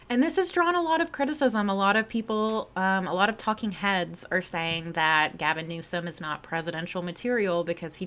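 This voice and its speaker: A woman's voice: lowish voice, a bit bright. A woman hosting a political commentary show, opinionated and talking straight to her listeners. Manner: opinionated, direct asides to listeners. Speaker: podcast host.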